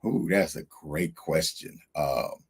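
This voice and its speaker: Male guest, very low pitch with a husky edge; earnest, heartfelt storyteller. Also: slow. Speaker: interview guest. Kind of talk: personal storytelling.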